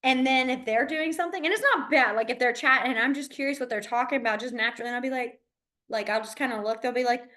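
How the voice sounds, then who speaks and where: Woman, young adult, sign language teacher, chatty, laughs a lot, slightly high voice. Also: fast, pushed and bright. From Alabama. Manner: chatty, laughs often, frequent "like" fillers. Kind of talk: casual classroom instruction.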